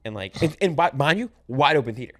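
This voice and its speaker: Young guy talking super fast, animated story, swears a lot, casual podcast. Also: fairly high pitch, slight background noise. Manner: animated storytelling, heavy swearing, many restarts. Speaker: host.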